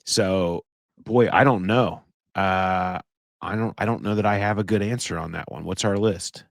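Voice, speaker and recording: A man with a Midwestern American accent co-hosting a casual sports podcast, animated and joking as he shouts out listeners. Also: sits low, moderate pace, vocal fry, dry recording, clean studio sound. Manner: animated, joking, reads listener submissions aloud. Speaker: podcast co-host.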